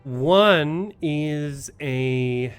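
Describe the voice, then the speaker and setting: Slow, halting game master man. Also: fairly high pitch, clean tone, soft background music. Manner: halting, full of ums and restarts. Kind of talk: narrating a tabletop game on a charity stream.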